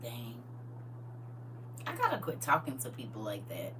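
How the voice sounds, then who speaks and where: A middle-aged livestream host with a very deep voice tells her viewers a story without hurrying, keeping it casual. She laughs, stays animated, and performs each quote. The sound is captured by a distant mic with a faint hum.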